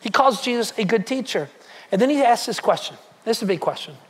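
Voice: mid-range voice, expressive, fast. A pastor delivering a sermon in an easy, conversational tone. The speaker keeps turning to the congregation with questions and repeats key phrases to drive them home.

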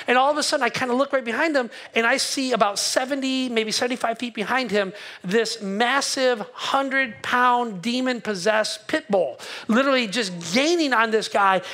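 A middle-aged pastor delivers his sermon in a high, bright voice with a lot of edge. He tells a story with animated energy and acts out the voices of the people he quotes.

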